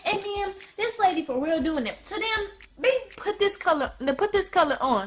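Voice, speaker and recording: High-voiced woman telling an animated story. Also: moderate pace. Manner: animated, slangy, repetitive storytelling. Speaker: vlogger. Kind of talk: casual storytime.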